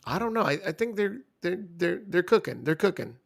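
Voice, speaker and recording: A man's voice: sits high, sing-song, fairly quick, vocal fry. Joking, teasing young man co-hosting. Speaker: wrestling review co-host. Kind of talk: casual podcast banter.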